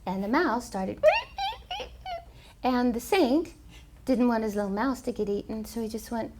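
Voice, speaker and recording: A woman co-host telling a spiritual parable in an animated way, with frequent fillers. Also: fairly high pitch, unhurried, long pauses, a little hiss or hum. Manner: animated storyteller, many fillers. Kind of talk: storytelling parable talk. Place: yoga studio.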